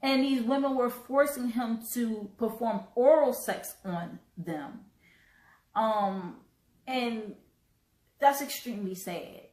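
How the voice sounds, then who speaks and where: A woman hosting a live stream, talking earnestly with halting restarts and repeated words, choked up and coughing now and then. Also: fairly high pitch, a little mellow, roomy sound, poor audio. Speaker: host.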